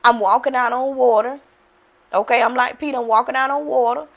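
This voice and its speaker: A woman's voice: high-pitched, steady tone, brisk, a bit bright. A woman mindset coach giving a candid motivational talk, speaking frankly, repeating herself and often calling out to her listeners.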